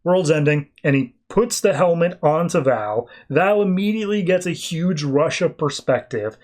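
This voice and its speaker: A man's voice: fairly high pitch, lively intonation, moderate pace, a little mellow. A man hosting a podcast, retelling a comic story in a loose, chatty way with lots of fillers. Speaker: podcast host. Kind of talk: casual podcast comic recap.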